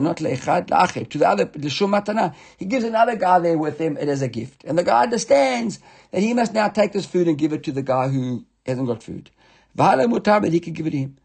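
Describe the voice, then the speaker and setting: Man, husky voice, slightly high pitch, casual Talmud class teacher reading and explaining text. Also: darkish tone. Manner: mixes Hebrew-Aramaic readings with English explanation, frequent self-corrections. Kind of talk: informal text study class.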